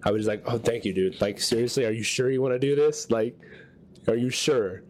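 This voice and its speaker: A man's voice: medium pitch, brisk. A man co-hosting a podcast, telling a long story in casual chat and acting out what people said. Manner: animated storyteller acting out quotes. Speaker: podcast co-host.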